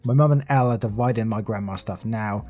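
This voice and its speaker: A man reading reddit stories aloud in a steady, matter-of-fact way, as the channel's narrator. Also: fairly low pitch, fast talker, soft background music.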